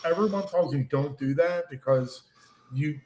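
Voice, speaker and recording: An easygoing man chats along, agreeable and quick to affirm. His voice carries a noticeable room echo with a faint background hum. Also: fairly high pitch. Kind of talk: casual chat.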